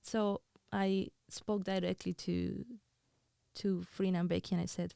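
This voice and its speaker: Tearful woman with a mellow voice. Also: on the low side, level tone, gravelly, smooth, no room sound, clean studio sound. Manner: emotional, halting, intimate. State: crying. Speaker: host. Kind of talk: confessional reading of her own writing.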